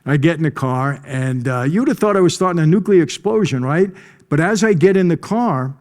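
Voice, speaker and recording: A man's voice: fairly high pitch, expressive, fairly quick, darkish tone. A middle-aged man, telling his life story bluntly to a conference audience. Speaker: conference speaker. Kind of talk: storytelling testimony.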